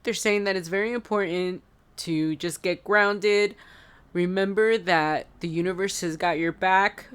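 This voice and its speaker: A woman giving an intuitive tarot reading, talking haltingly with many fillers and sounding choked up, near tears. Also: fairly low pitch, smooth. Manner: halting, filler-heavy, emotional, addresses viewers as guys. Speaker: tarot reader.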